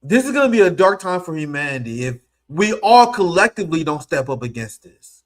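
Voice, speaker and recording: Close to tears on his live stream, a man from the American Midwest vents exasperated political commentary and swears casually. He speaks briskly in a voice on the high side with big pitch swings.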